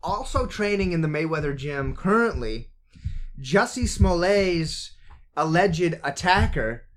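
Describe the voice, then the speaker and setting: A man co-hosting a casual podcast, his voice sitting a touch high for a man. He talks loosely and jokes around, swearing freely as he goes. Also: lively intonation, measured pace, fairly bright tone. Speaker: podcast co-host. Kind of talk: casual chat.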